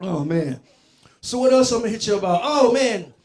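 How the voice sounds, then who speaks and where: High-voiced man doing stand-up comedy. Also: lively intonation, normal speed, darkish tone. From Columbus, Ohio. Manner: loose, profane, rambling banter with the crowd. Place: comedy club stage. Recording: echoey club with crowd laughter.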